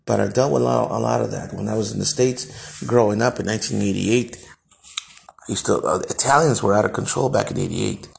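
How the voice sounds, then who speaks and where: A man from El Salvador holds forth on his podcast in a low, gravelly voice. He tells his story bluntly, swears freely and often restarts his sentences as he goes. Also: brisk. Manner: blunt, profane, emphatic, with frequent restarts. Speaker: podcast host.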